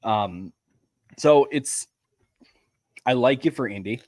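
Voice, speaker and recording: A man co-hosting a podcast, chatty and quick with his opinions in casual conversation. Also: medium pitch, expressive, a little mellow, no room sound. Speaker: podcast co-host. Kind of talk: casual draft-reaction chat.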